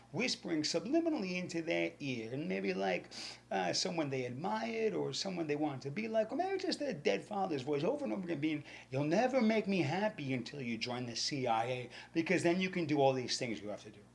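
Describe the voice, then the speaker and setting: A New York stand-up comedian with a New York accent, a slightly high voice and vocal fry tells a rambling, profane story. He acts out the characters' voices, suddenly dropping to whispers and bursting into shouts.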